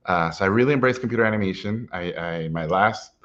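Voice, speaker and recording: A middle-aged man telling a personal story in a lively way, acting out what people said to him, with frequent "uh"s. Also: low-pitched, quick pace, muffled recording. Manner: lively anecdotal, acts out quotes, frequent "uh". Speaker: animation guest speaker.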